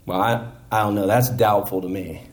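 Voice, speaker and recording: A man's voice: lowish voice, steady tone, moderate pace. A man preaching a sermon in a church, acting out the characters as he explains a parable. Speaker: pastor.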